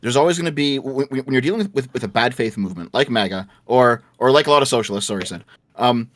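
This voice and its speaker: A man's voice: medium pitch, fast talker, a bit bright, no room sound. A man cutting in on a streamed panel, his voice dry and close. He stammers and repeats words while he builds his argument. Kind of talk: panel discussion.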